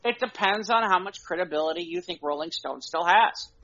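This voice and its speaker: A man's voice: high voice, fairly quick, a bit bright. Man, podcast co-host, candid, casual, lots of "you know", muffled lo-fi sound. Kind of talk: casual chat. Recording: dull lo-fi podcast audio.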